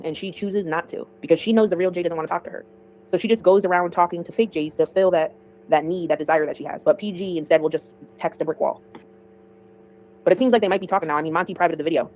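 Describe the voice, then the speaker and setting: A woman's voice: on the low side, darkish tone, slight background noise, low-quality recording. A woman hosting a casual livestream, giving chatty, opinionated commentary.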